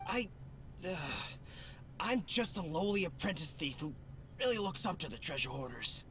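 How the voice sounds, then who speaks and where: An actor voicing a nervous, folksy apprentice thief in a video game, drawling and stammering. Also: male voice, sits high, lively intonation, moderate pace. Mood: sheepish. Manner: drawling country talk, stammers. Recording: game audio with clear background noise.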